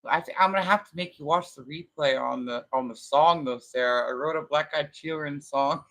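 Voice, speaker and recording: A man with a high voice co-hosts a loose, casual chat. He chimes in playfully with short quips and reactions while his partner talks. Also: fairly bright tone. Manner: playful, chimes in with quick remarks. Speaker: co-host.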